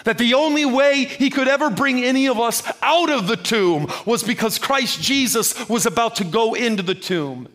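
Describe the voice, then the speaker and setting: A man's voice: very high-pitched, moderate pace, hardly any pauses, fairly bright tone. A man preaching a sermon with fervent, rhythmic delivery, addressing his listeners as friends.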